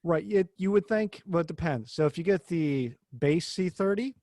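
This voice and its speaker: A man's voice: a little high, moderate pace, mellow, no room sound. A man hosting a podcast, talking cars in a rambling, jokey way and swearing casually. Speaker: podcast host. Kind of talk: casual car chat.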